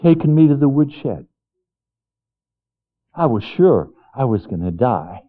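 A man preaching a sermon as pastor, earnest, swinging between hushed, quiet passages and fervent, raised ones. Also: medium pitch, sing-song, slow, pauses often. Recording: tinny phone-like sound.

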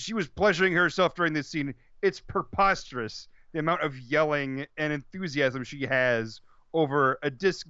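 A man's voice: fairly high pitch, pushed and bright, dry recording, highs cut off. A man co-hosting a podcast, ranting about a movie scene with incredulous, profane disbelief and stumbling restarts. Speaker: podcast co-host. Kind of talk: casual movie discussion.

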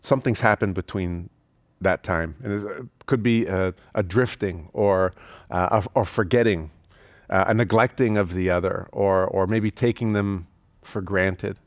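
A man with a fairly low voice gives a sermon in a loose, storytelling way. He restarts phrases and uses fillers as he goes. The sound is dry and close, with little room around it. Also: unhurried, no echo. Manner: casual and warm-hearted, frequent restarts and fillers. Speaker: pastor.

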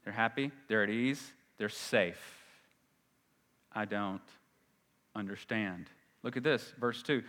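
Male pastor, sermon delivery, bright forceful tone, swings from loud to hushed, long hall reverb. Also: a little high, lively intonation, slow pace, pauses often. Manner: conversational, shifting between loud emphasis and quiet asides.

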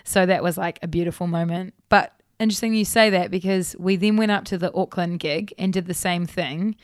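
NZ woman, 30s, singer guest; bubbly storyteller, lots of fillers, smooth tone, close dry mic. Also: on the low side, a little fast, dry recording. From New Zealand. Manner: chatty and animated, laughs often, many fillers. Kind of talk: casual interview chat.

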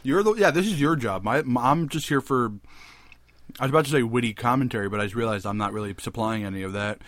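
A man's voice: mid-range voice, fast talker, fairly bright tone, dry recording. A man co-hosting a casual podcast movie review, wry and joking, swearing casually. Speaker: podcast co-host.

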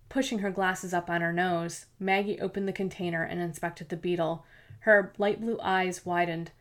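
A woman narrates a novel in a steady, measured way, her voice sitting on the lower side. The reading is scripted audiobook narration, even and unhurried.

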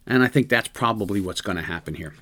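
A man's voice: on the low side, expressive, fast, fairly bright tone. A middle-aged man giving an impassioned opinion monologue, firing off rhetorical questions and often restarting his sentences. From United States. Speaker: political commentator.

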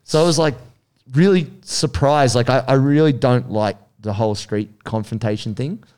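A man's voice: mid-range voice, moderate pace, clean tone. A man with an Australian accent, casually telling a story and acting out the voices in it. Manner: animated, acts out voices in anecdotes.

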